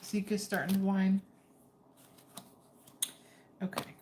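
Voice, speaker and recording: A woman's voice: fairly low pitch, unhurried, long pauses, background noise. A woman giving a casual, chatty tarot reading, often breaking off to coax her dog over. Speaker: tarot reader.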